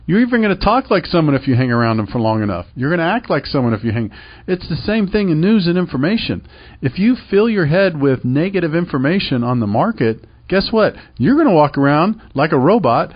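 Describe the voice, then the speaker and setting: Emphatic middle-aged radio host. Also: male voice, a little high, lo-fi sound. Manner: emphatic and persuasive, repeats points, asks rhetorical questions. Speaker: radio show host and real estate professional. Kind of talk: call-to-action radio talk.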